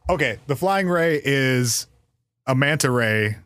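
Laughing podcast host. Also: male voice, medium pitch, lively intonation, slow pace, fairly bright tone, clean tone, no room sound, clean studio sound. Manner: reads out facts, laughs often. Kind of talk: casual chat.

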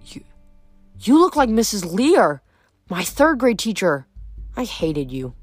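A woman's voice: medium pitch, big pitch swings, slow, dry recording, soft background music. A woman reading an upset teenage girl.

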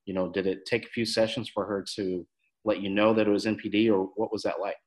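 A man hosting an interview, asking gentle, hesitant questions with many pauses and restarts. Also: fairly low pitch, little pitch movement, rough recording. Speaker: host, former therapist.

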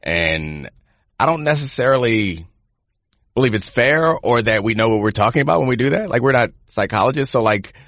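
A man's voice: mid-range voice, expressive, moderate pace, a bit bright, no room sound, clean studio sound. A man who once played pro football co-hosts a podcast, reasoning through football talk in a laid-back way and laughing often. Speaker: podcast co-host, former player. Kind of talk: casual sports analysis.

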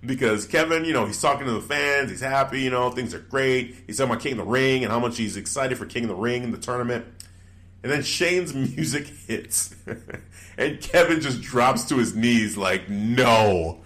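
A man's voice: mid-range voice, normal speed. A man co-hosting a casual chat, talking loosely with frequent laughs and acted-out quotes. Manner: animated, laughs often, acts out quotes. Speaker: podcast co-host. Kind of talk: casual wrestling recap chat.

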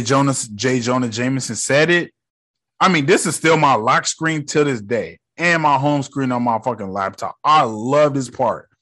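A young man giving casual movie reaction commentary, animated and profane, with loud exclamations. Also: mid-range voice.

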